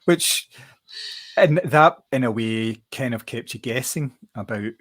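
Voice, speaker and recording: A man's voice: medium pitch, a little slow, a bit bright. A man co-hosting a podcast, reviewing films in casual chat, often repeating words while he thinks. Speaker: podcast co-host.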